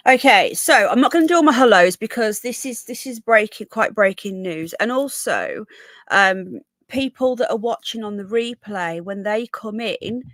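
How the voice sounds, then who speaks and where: A woman's voice: medium pitch, lively intonation, normal speed, fairly bright tone, no echo. A woman hosting a casual live stream from home, chatty and rambling, often restarting her sentences. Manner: chatty, rambling, self-interrupting. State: coughing. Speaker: livestream host. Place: home room.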